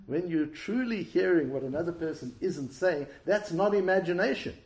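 A man teaches an explanatory Torah class in a room with noticeable echo, posing rhetorical questions and repeating words as he restarts phrases. His voice is high, expressive and darkish, at a moderate pace.

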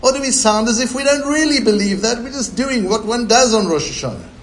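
A man, a rabbi, delivering a sermon in a slow, deliberate way with many rhetorical questions. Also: extremely high pitch, animated, rough recording.

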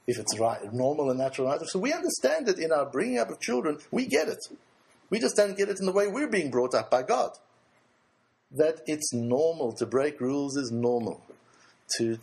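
A man's voice: medium pitch, gravelly, darkish tone, husky. A man teaching a religious lecture to a group, asking rhetorical questions and answering them himself, earnest and emphatic.

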